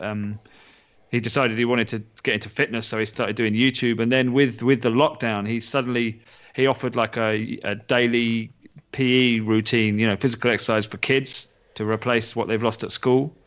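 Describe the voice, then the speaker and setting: A man's voice: mid-range voice, steady tone, fairly quick, fairly bright tone. A man co-hosting a casual podcast chat, good-humoured, often restarting and repeating words. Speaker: podcast co-host. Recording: muffled lo-fi audio.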